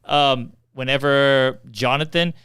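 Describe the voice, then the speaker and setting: A middle-aged man, a podcast co-host telling funny family stories in a chatty, animated way. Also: mid-range voice, slow, clean tone, no echo, studio quality. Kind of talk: casual storytelling.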